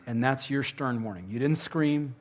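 A man's voice: medium pitch, moderate pace. A man speaking at a live question-and-answer session, conversational and joking, often restarting his sentences. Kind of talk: live Q&A talk.

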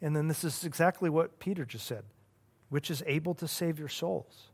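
Man, pastor, Bible study teaching, earnest, halting, fairly high voice. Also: slightly rough. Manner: earnest, halting, full of restarts and repeats.

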